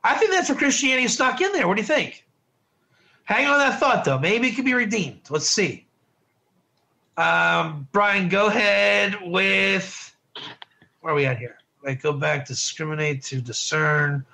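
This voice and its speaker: High, gravelly-voiced male Bible teacher. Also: animated, measured pace, sharp tone. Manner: chatty, repeats words and restarts, asks the class questions. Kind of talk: informal class lecture.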